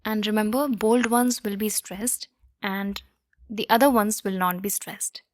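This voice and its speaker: A woman's voice: mid-range voice, fairly even intonation, a little slow, no room sound, clean studio sound. A woman with an Indian English accent teaching a literature lesson. She explains step by step, slips into Hindi now and then, and keeps checking in with "okay?" and "right?". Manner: switches between English and Hindi. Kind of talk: classroom lecture.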